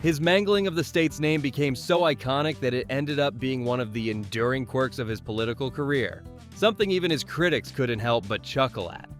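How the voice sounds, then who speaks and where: A man's voice: medium pitch, lively intonation, fairly quick, faint music behind. A man narrating a scripted commentary video in a wry, playfully sarcastic way, speaking straight to the viewers.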